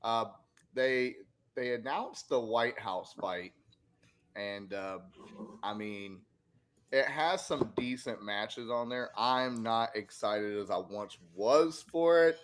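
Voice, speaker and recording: A man's voice: medium pitch, takes it slowly. A man co-hosting a sports podcast, chatting casually and rambling with many fillers and restarts. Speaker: podcast co-host.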